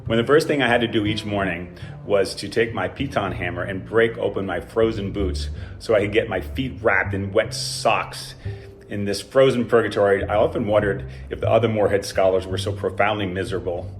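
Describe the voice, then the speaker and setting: A man's voice: fairly low pitch, brisk, faint music behind. A man in his sixties reading a scripted personal story in a dry, self-deprecating way. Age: 60s. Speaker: alumnus telling a personal story.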